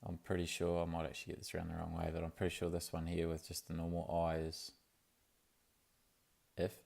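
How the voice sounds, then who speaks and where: Low gravelly man. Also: completely flat delivery, brisk, darkish tone. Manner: laid-back and rambling, with many fillers and restarts. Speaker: vlogger. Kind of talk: casual video diary.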